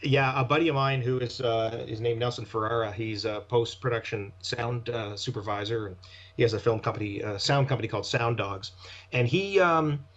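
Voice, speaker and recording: A man's voice: medium pitch, moderate pace, a bit bright. A man, an actor guest, casually telling rambling anecdotes in conversation. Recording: dull lo-fi sound.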